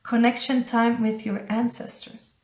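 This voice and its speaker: Slow-talking woman with a Dutch accent. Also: on the high side, flat delivery, darkish tone. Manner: halting, searching for English words. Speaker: spiritual coach. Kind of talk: casual live-stream card reading. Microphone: phone or webcam on a live stream. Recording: echoey room.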